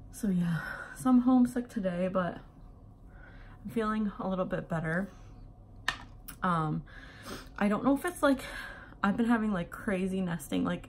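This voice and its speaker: A woman's voice: fairly low pitch, a little hiss or hum. Breathless chatty young woman. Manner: chatty, many fillers like "um" and "like". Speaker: beauty vlogger. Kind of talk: casual get-ready-with-me chat.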